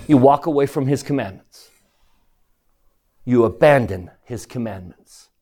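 Emphatic middle-aged man teaching scripture. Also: mid-range voice. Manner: animated, emphatic, asks the class questions. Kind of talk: scripture lesson lecture.

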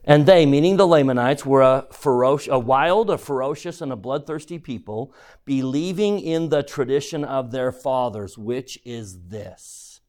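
A man's voice: medium pitch, a little slow, a little mellow. A man teaching a scripture class, reading verses aloud and quizzing his listeners.

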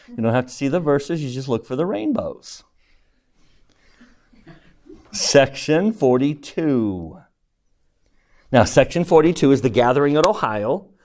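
A man leads a classroom scripture lesson at a mid-range pitch. He talks with emphasis and puts questions to his listeners. He moves between reading verses and explaining them. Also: a little mellow. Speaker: scripture teacher.

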